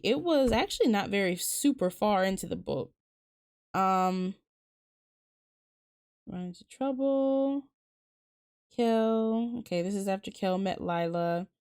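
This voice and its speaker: A woman chatting casually on her stream at a middle pitch. Her talk is candid and loose, full of fillers and restarts, with the occasional swear word. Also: darkish tone. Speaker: streamer hosting a book talk. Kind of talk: casual chat.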